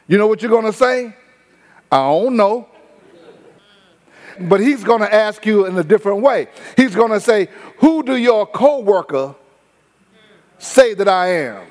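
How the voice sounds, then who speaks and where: A high-voiced man preaches a sermon, his talk folksy and conversational, slowing down to stretch his key words. His voice rings with a long reverb through a church sanctuary. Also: animated. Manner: conversational preaching, drawn-out emphasis, folksy phrasing. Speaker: pastor.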